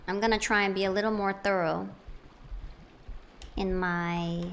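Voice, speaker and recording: A young woman narrates her gameplay in a loose, chatty way, greeting boxes and scolding empty cabinets as she goes. Her voice sits at a middle pitch, recorded on a desk mic at home with a faint hiss underneath. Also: steady tone, measured pace. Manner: chatty, playful, talks to objects in the game. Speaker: let's play gamer. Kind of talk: casual gameplay commentary.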